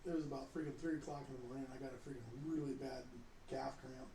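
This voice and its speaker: Podcast co-host, animated man far from the mic in a roomy studio with heavy noise. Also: mid-range voice, quick pace, a crowd in the background. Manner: lively, acts out voices in anecdotes. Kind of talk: casual chat. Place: shared studio. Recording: distant mic, echoey room, loud noise.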